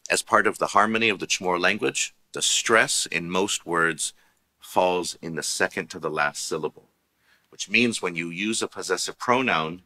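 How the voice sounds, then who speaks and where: A man's voice: low-pitched, bright, forceful tone. A man presenting a recorded language lesson, patiently explaining grammar and pronunciation with spoken examples. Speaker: language teacher.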